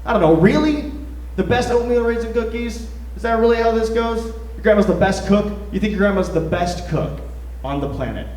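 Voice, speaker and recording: A young man in his twenties works through a rambling, self-deprecating stand-up set, stalling on fillers between jokes. His voice sits somewhat high for a man, and it reaches the mic from a distance, with the echo of a roomy club around it. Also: expressive, normal speed, darkish tone. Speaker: stand-up comedian. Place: comedy club stage.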